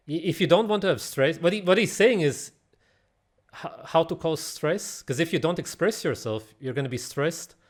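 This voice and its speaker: A man's voice: a little high, animated, a little slow, darkish tone. A man reacting to a video in casual, ranting commentary, blunt and mocking, swearing and often laughing in disbelief.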